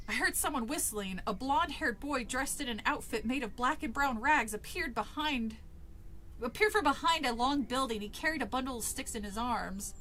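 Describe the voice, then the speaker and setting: Animated woman reading a book on stream. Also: sits high, normal speed. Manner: chatty, swears, laughs, breaks off to comment. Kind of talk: casual live-stream read-along.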